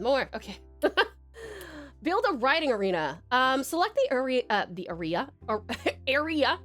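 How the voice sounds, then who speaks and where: A woman from Tasmania with an Australian accent, streaming a game live, bubbly and quick to laugh while she reads tutorial text aloud. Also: a little high, a bit bright.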